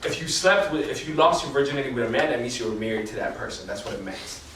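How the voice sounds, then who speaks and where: Echoey distant young preacher, chatty. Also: male voice, medium pitch, expressive, fast, a bit bright, a little hiss or hum. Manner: chatty, full of fillers and slang. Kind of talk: casual sermon. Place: church hall. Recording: echoey hall from far off.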